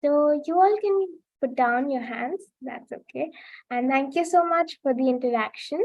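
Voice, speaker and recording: A woman's voice: high-pitched, normal speed, darkish tone, muffled recording. A woman teaching a children's class over a video call, telling a story and checking in with the kids. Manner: keeps asking "right?" to engage the children.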